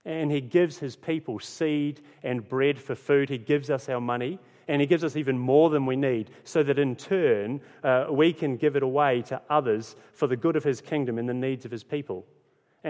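A man's voice: medium pitch, darkish tone. Earnest male pastor preaching in a reverberant hall. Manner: earnest, repeats key phrases for emphasis. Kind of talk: sermon.

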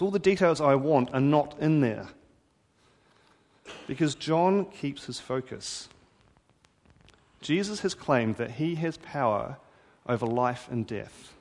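A man's voice: medium pitch, expressive, slow pace, long pauses, darkish tone. A man preaching a sermon in a conversational, wry storytelling manner. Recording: hall reverb.

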